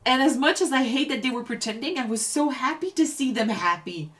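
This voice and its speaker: A woman's voice: sits high, animated, fairly quick, a bit bright. A woman co-hosting a reaction chat, talking through a show thoughtfully and often restarting her sentences. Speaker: reaction channel co-host.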